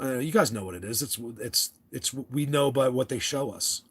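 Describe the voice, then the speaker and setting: A man's voice: mid-range voice, normal speed, fairly bright tone, breathy edge. A young American man hosting a casual livestream chat, rambling and restarting his sentences as he talks to viewers. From United States. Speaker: livestream host.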